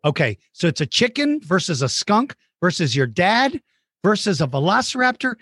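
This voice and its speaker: A man's voice: sits high, sing-song, normal speed, a bit bright, breathy edge, no room sound, studio quality. A man hosting a playful chat with a child about dinosaur battles, goofy and teasing with mock outrage. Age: adult. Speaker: host interviewing a child.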